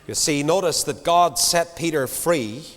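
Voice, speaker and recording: A man preaching a sermon to a large congregation, swinging from loud declarations to quiet low asides. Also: unhurried. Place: large church. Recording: long hall reverb.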